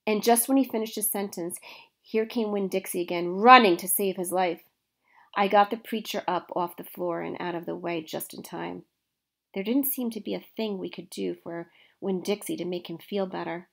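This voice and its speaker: A woman's voice: medium pitch, moderate pace, gravelly. Woman teacher reading a storybook aloud. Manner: expressive storytelling. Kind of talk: reading a children's novel aloud.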